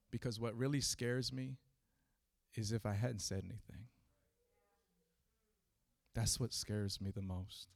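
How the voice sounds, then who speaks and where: A man with a low, gravelly voice preaches to his congregation. He speaks haltingly with plenty of ums and restarts, then swells into fervent, loud preaching. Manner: halting, many fillers, rising to fervent preaching. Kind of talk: sermon.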